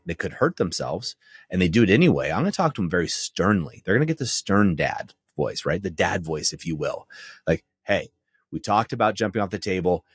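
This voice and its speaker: A man's voice: lowish voice, husky, no echo, studio quality. A man hosting a podcast, giving direct, firm coaching advice to men in a monologue and often checking in with "right?". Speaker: podcast host and men's relationship coach.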